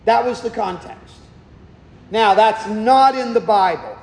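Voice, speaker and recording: A man delivers a sermon at a slow, deliberate pace, leaning hard on key words and posing questions he then answers. His voice is notably high for a man. The sound carries the long, echoing reverb of a large hall. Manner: emphatic preaching, slowing for stress, asking and answering questions. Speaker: pastor.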